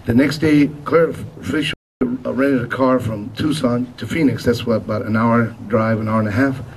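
A man giving a memorial tribute to an audience, telling anecdotes in an animated way. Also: mid-range voice, moderate pace, creaky. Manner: animated storyteller, acts out quotes. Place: memorial gathering room. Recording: distant mic with faint noise.

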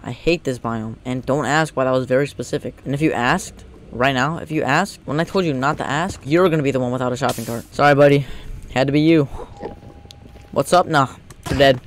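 A young man commentating his game as he plays, excitable and joking, taunting the creatures he fights. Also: mid-range voice, fairly quick, slight background noise. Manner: excitable, joking, talks to mobs. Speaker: gamer. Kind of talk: let's play commentary.

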